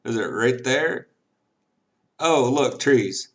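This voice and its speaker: A man's voice: mid-range voice, slow pace, a bit bright. A man chatting casually while he plays games on a stream. He is tipsy, rambles, jokes and giggles as he goes. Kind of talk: casual chat while gaming.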